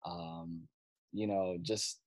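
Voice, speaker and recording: A man's voice: low-pitched, fairly even intonation, drawn-out words, dry recording. A young man, a comedian guest, telling stories in a laid-back, slangy way full of fillers. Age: young adult. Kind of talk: casual storytelling chat.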